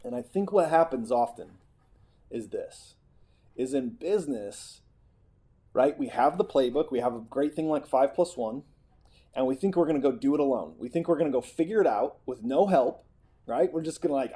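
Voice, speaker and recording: A middle-aged man hosts a podcast and tells a story from his own life in a relaxed, mellow voice. His pitch sits in the middle. He acts out the quoted lines with animation. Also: normal speed. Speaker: podcast host. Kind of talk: storytelling monologue.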